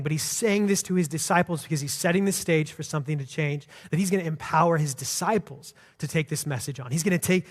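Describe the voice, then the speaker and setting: A man preaching a sermon as pastor, in a conversational, earnest way with frequent restarts. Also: high-pitched. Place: church sanctuary. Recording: long hall reverb.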